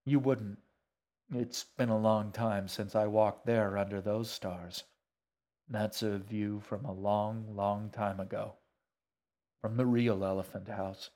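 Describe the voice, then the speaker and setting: A shaggy, gruff man with a wry, matter-of-fact way of talking, as a male narrator plays him. His voice is low and slow, barely apart from the reader's own. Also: steady tone, warm tone. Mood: wistful.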